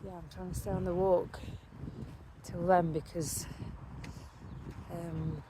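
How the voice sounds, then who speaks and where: Woman vlogging on a slow park walk, a bit out of breath, lots of ums, noisy outdoors with birds. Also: fairly low pitch, level tone. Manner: chatty, rambling, hesitant with fillers. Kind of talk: casual walking vlog. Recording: noisy outdoor phone recording. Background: birdsong, dogs and passing traffic.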